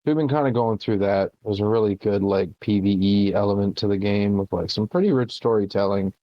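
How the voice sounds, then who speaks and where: A man's voice: lowish voice, brisk, no room sound, dull audio. A man co-hosting a casual comedy podcast, swearing freely and laughing often. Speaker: podcast co-host.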